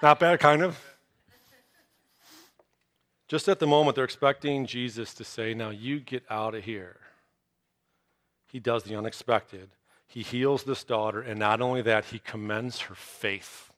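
A man preaching a sermon, telling a Bible story with lively storytelling and acted-out reactions. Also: mid-range voice, measured pace, pauses often. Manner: animated storytelling, acts out disciples' reactions. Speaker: pastor.

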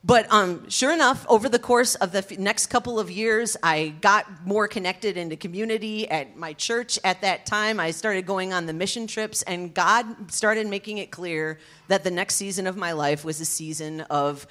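A woman, telling her personal testimony in an earnest, expressive storytelling way. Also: medium pitch, normal speed, hardly any pauses. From Detroit area, USA. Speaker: speaker sharing her testimony.

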